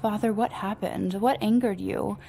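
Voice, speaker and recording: A woman reading the part of a calm, protective young man with a placating manner. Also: mid-range voice, normal speed, creaky, a little hiss or hum, close to an everyday voice. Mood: surprised. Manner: placating, earnest.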